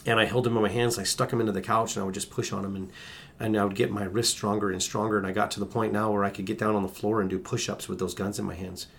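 A man's voice: lowish voice, flat delivery, fast talker, a little hiss or hum. A middle-aged man recounting a personal story as an interview guest, earnest, with restarts and acted-out quotes.

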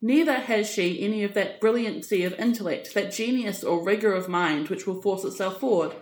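A woman's voice: medium pitch, normal speed, natural voice. A woman reading aloud and voicing a scheming, persuasive aristocratic mother with a theatrical manner. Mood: mock sorrowful. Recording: echoey room.

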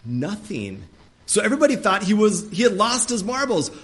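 A male pastor preaching an earnest sermon, often restarting his phrases and climbing higher and louder when he gets worked up. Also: big pitch swings, normal speed.

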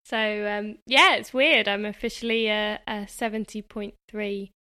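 A woman co-hosting a casual podcast chat, easygoing and quick to laugh. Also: mid-range voice, fairly even intonation, bright, forceful tone, smooth. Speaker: podcast co-host.

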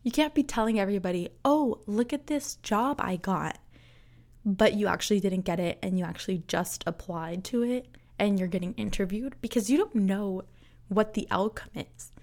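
A woman's voice: medium pitch, normal speed, a little mellow. A woman in her twenties hosting her own podcast alone, chatting casually, laughing often and filling her sentences with "like". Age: 20s. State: out of breath. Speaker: podcast host. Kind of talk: casual solo podcast chat.

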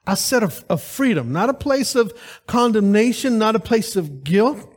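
High-voiced man preaching a sermon. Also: normal speed. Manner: lively, rhetorical, calls out to the congregation. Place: church service.

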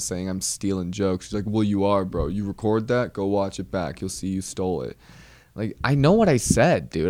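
A man's voice: fairly low pitch, a little mellow, no echo. A comedian hosting his podcast, telling a story in a wry, rambling way and often breaking off mid-sentence. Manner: rambling, self-interrupting, wry. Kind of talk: casual storytelling monologue.

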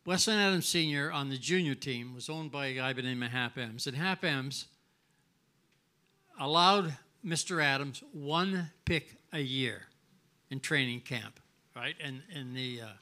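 Older man spinning a forceful yarn. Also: mid-range voice, measured pace. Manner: animated, acts out dialogue, many restarts. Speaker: guest. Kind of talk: casual storytelling. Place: restaurant live event.

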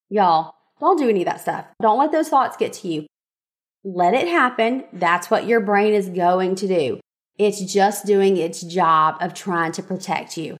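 A woman's voice: medium pitch, measured pace. A woman hosting a solo podcast, giving upbeat and encouraging advice in a chatty way. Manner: upbeat, encouraging, chatty with frequent "okay?" and "y'all". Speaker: podcast host, photographer.

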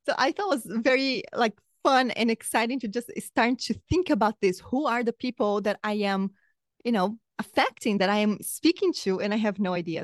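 An upbeat, effusive woman talks through her podcast as a life coach, with a slightly sore throat. Her voice sits fairly high, and the recording is close and dry, with no room around it. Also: dry recording. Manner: effusive and upbeat, chatty with frequent asides. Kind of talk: casual podcast monologue.

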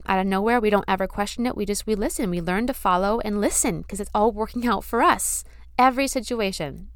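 A woman's voice: mid-range voice, clear, resonant tone, no echo, studio quality. A young adult woman hosting her own podcast, talking in a casual, earnest, effusive way and repeating phrases for emphasis. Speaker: podcast host. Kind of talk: casual spiritual podcast monologue.

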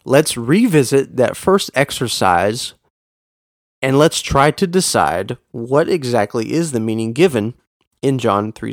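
A man's voice: medium pitch, no echo. Man teaching a Bible lesson, dry sound. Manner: reads verses aloud with shifting stress, asks rhetorical questions.

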